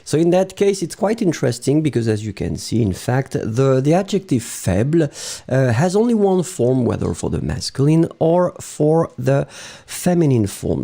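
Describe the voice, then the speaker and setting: A man's voice: fairly high pitch, gravelly, mellow. A man with a French accent teaching a live online language lesson, explaining patiently and greeting viewers by name.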